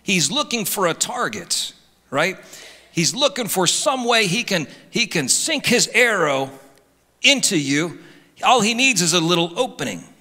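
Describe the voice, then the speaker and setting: High, animated preacher man. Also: a little slow. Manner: animated preaching, voices imagined complaints. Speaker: pastor. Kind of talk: sermon. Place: church sanctuary. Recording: reverberant church sanctuary.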